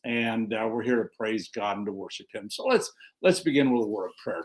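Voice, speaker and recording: A man's voice: fairly low pitch, fairly quick. A man from the United States with a Southern Californian accent, a pastor talking casually and leading a spoken prayer, rambling a little with fillers. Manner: relaxed, rambling with fillers and restarts.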